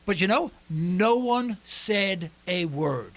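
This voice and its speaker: A male talk radio host with a high, lively voice that jumps around in pitch. He rambles through his points, restarting sentences as he goes, and his tone rings bright and sharp. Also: slow pace, low-quality recording. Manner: rambling, animated, with many restarts. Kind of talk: opinionated radio chat.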